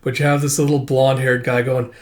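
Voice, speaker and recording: A man's voice: mid-range voice, little pitch movement, fast. A man hosting a casual manga read-through, rambling with many fillers. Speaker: host.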